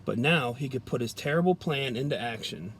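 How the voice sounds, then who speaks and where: A man, a police trooper, reading a children's story aloud in a gentle, expressive storytelling way. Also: mid-range voice, fairly quick, a little hiss or hum.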